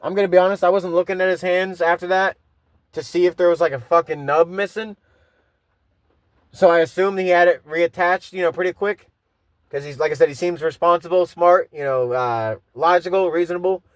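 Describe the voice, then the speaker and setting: A man's voice: high-pitched, brisk, dry recording. A man hosting a podcast, telling rambling, profane stories in a casual monologue full of restarts. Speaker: podcast host.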